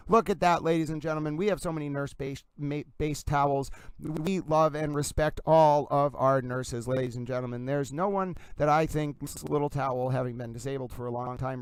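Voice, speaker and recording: A man hosting a livestream with theatrical, effusive commentary who keeps addressing his audience as ladies and gentlemen. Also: a little high, clean tone, dry recording. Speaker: livestream host.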